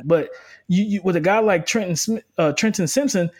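A man co-hosting a casual sports podcast, giving energetic, quick football breakdowns with frequent restarts. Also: high-pitched. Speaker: co-host, football analyst. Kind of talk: casual sports analysis chat.

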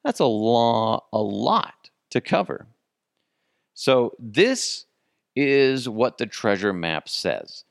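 A man's voice: mid-range voice, big pitch swings, takes it slowly, creaky, no room sound, studio quality. A man hosting a podcast, talking casually and rambling offhand, with frequent restarts. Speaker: podcast host. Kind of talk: casual solo commentary.

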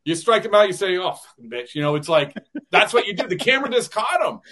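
A man's voice: high-pitched, expressive, fast talker, bright, forceful tone. A man who works as a radio broadcaster, guesting on a podcast and telling rambling stories full of restarts and chuckles. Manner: rambling storyteller, many restarts, chuckles often. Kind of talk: casual interview chat.

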